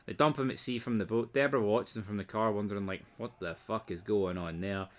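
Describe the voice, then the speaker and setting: A man's voice: fairly low pitch, fairly even intonation, fairly quick. A man giving a casual episode recap and review, blunt, sarcastic and sweary.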